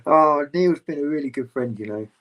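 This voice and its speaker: Rambling, animated man on a video call. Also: fairly high pitch, brisk, highs cut off. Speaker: guest on a livestream. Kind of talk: casual chat.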